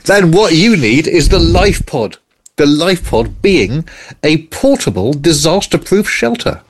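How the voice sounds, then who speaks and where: A man co-hosting a radio show, presenting gadget stories in an easy chatty way with quick jokes. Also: fairly high pitch, very animated, slight background noise. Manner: chatty, explains then jokes and laughs. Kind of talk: casual radio chat. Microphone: studio mic.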